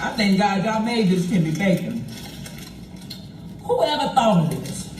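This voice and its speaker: A woman's voice: mid-range voice, big pitch swings, a little slow, darkish tone, slight background noise. Exuberant woman praising food gospel-style. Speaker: food video creator. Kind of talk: casual selfie food review. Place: in a car, clip replayed in a meeting hall. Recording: video played over hall speakers, echoey from far off.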